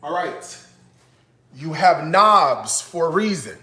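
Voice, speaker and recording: A man's voice: a little high, very animated, slow pace, bright, forceful tone, roomy sound. Playful man hosting a casual cooking chat. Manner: playful, teasing, talks straight to the chat. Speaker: cooking show host.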